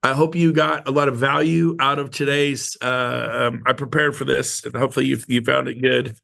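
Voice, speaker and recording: Gravelly man giving a pep talk. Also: medium pitch, fairly even intonation, a bit bright. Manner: emphatic and repetitive, slows down to stress points. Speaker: real estate team leader. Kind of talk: motivational team talk. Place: meeting room with a live audience.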